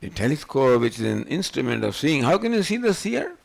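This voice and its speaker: Gravelly older man teaching scripture. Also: medium pitch, fairly quick. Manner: questioning, rhetorical, animated. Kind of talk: Vedanta scripture lecture.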